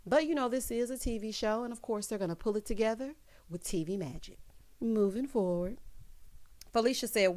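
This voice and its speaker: A woman giving a casual recap of a reality show, with sassy asides and loud bursts of laughter. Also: mid-range voice. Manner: reads out quotes in other voices.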